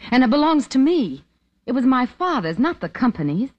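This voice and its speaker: A woman's voice: high voice, very animated, moderate pace. An actress playing a cool, scheming young American woman in an old-time radio drama. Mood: earnest. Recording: dull lo-fi vintage radio broadcast.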